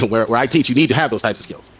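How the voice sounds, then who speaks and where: A man delivers argumentative commentary in a brisk, rapid flow. He pushes the same pointed questions over and over, with faint noise under the recording. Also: mid-range voice. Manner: presses his questions repeatedly. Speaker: commentator in the reacted video.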